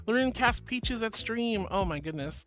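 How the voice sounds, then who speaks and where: A woman's voice: on the high side, lively intonation, normal speed. Woman streamer, giggly, bubbly, casual chat, music behind. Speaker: VTuber streamer. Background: background music.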